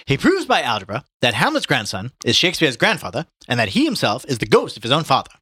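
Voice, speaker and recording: A man reading aloud voices a boisterous, mocking young man in a loud, high, theatrical voice. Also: wildly swooping pitch, quick pace, husky, no room sound, studio quality, exaggerated voice. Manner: booming, exclamatory, high-pitched.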